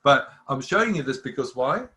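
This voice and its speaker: A man in his fifties giving a live security talk, earnest and insistent. His voice is bright and forceful, and he circles back over his words with frequent restarts. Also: mid-range voice, very animated, normal speed. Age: 50s. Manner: earnest, repetitive, restarts often. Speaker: cybersecurity speaker. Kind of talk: live presentation to an online audience.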